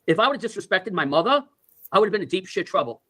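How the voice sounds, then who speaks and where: A storyteller in his sixties rambles through profane anecdotes in casual conversation, constantly saying "like" and "I go." His voice is high and very animated, with a quick pace and a fairly bright tone.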